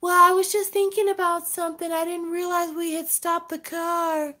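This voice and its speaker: A woman mimicking a spacey, dismissive young woman in a high, airy, offhand voice. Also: little pitch movement, moderate pace, pushed and bright.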